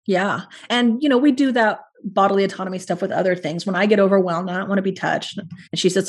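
This is a woman at a middle pitch, guesting on a podcast. She sounds earnest and thoughtful, and her reflections roll on in long, connected runs. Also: quick pace. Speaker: guest, parent talking about parenting. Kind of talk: podcast interview conversation.

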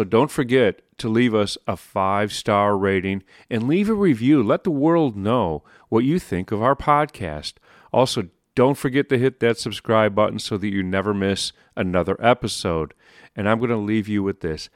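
A man's voice: medium pitch, dry recording, studio quality. Upbeat man hosting a motivational podcast. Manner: upbeat, animated, laughs often, repeats words. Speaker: podcast host and life coach. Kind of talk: solo motivational podcast monologue.

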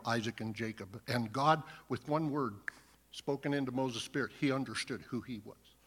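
A man's voice: mid-range voice, moderate pace, a bit bright. A man preaching a sermon, reading scripture aloud and then earnestly explaining it. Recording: long hall reverb.

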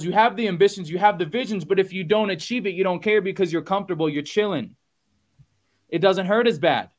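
A man with a slightly raised voice gives a motivational talk as a business coach on a podcast. He is emphatic and punchy, stacking repeated phrases, and talks casually to his listeners. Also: fairly high pitch. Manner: casual, addresses listeners as y'all.

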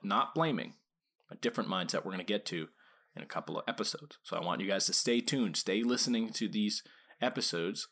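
A man with a somewhat low voice talks casually into a podcast mic about training dogs. He keeps tossing rhetorical questions at his listeners and slips in quick acted-out quotes. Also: fairly bright tone. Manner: conversational, asks rhetorical questions, acts out quick quoted lines. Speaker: podcast host and dog trainer.

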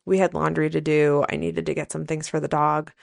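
A woman's voice: low-pitched, level tone, a little fast, creaky. A woman hosting a casual solo podcast, telling a rambling story in a candid, profane way. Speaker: podcast host, nurse and coach.

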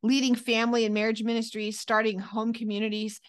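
A woman hosting an interview who reads a guest introduction and then greets her guest with excitement. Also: on the high side, brisk. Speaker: podcast host.

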